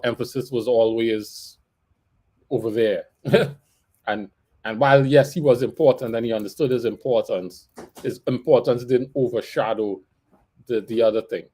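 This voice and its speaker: A man's voice: mid-range voice, steady tone, normal speed, dark tone. A man guiding a casual Bible-study conversation. He lays out his thinking step by step and laughs lightly now and then. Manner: thoughtful, explaining, laughs lightly. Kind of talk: casual faith discussion.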